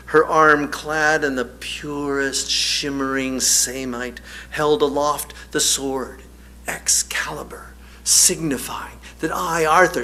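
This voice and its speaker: A man's voice: fairly high pitch, gravelly, a bit bright, exaggerated voice. A man doing a pompous, commanding king. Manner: grand and commanding.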